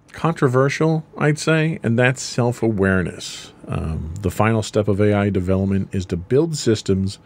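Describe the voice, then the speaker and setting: A man's voice: lowish voice, darkish tone. A man co-hosting a podcast, casually explaining ideas with everyday examples and frequent ums. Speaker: podcast co-host.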